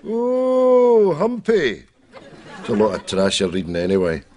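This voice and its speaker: A man's voice: fairly high pitch, huge pitch swings, unhurried, dark tone, a faint crowd. An actor playing a cantankerous older Scottish man who rambles and argues, with a Scottish accent. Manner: rambling, argumentative, hesitant. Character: cantankerous old Scottish man, Jack, cowboy book fan.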